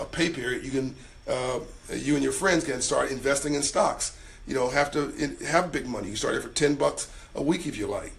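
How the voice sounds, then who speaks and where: A man hosting a live stream, hoarse and tired, giving motivational advice and reading out viewer comments in a casual way. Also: medium pitch. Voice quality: raspy. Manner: motivational, urges viewers to act.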